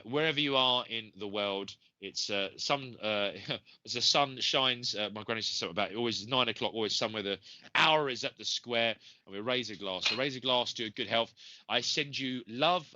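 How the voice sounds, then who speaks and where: A man's voice: medium pitch, bright, forceful tone, no echo. A man, a psychic medium, hosting a live stream and chatting to viewers with many fillers and name greetings. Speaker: psychic medium and show host. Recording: dull, slightly lo-fi stream audio.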